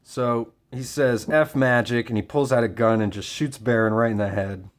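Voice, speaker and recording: A man with a somewhat low voice walks through a comic issue panel by panel. His delivery is relaxed and conversational, dotted with hesitations and filler words. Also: normal speed. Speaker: comic book reviewer. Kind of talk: casual review talk.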